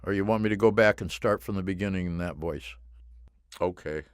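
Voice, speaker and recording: A man's voice: low voice, brisk, clean tone, no echo, studio quality. A man recording a voice-over and chatting with the director about how to read the lines, in a questioning, self-aware way. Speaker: voice-over narrator.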